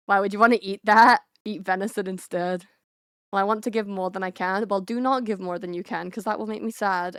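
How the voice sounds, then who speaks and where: A woman's voice: medium pitch, clean tone, dry recording, clean studio sound. A young woman VTuber streamer chatting casually and bubbly with her viewers, giggling often. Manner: bubbly, giggly, talks straight to chat. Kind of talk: casual live-stream chat.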